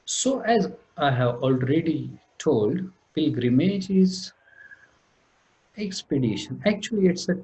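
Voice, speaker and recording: Male lecturer, slow and sing-song delivery, repeats terms, reads verse lines slowly. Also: on the high side, lively intonation, mellow. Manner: explains step by step, repeats terms, clears throat. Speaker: teacher. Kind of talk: recorded poetry lecture.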